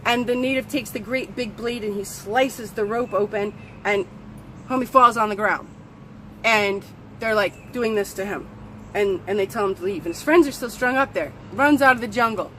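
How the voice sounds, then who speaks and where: A woman well-being coach telling a parable in a casual, animated way, acting out the people she quotes. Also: mid-range voice, moderate pace, a little hiss or hum, poor audio. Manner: animated, acts out quoted voices. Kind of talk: casual storytelling monologue.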